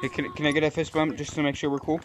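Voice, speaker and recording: Excitable man, high voice, nervous live VR gameplay commentary over heavy background noise. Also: very fast. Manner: excitable, nervous, yelps and laughs. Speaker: gameplay vlogger. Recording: noisy game audio behind.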